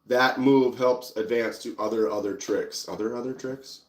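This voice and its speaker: In an echoey room, a man with a Minnesotan accent hosts a casual live stream, showing off pocket knives as he chats easily. His voice is medium in pitch at a moderate pace, and he's relaxed and chatty, reading out viewer comments.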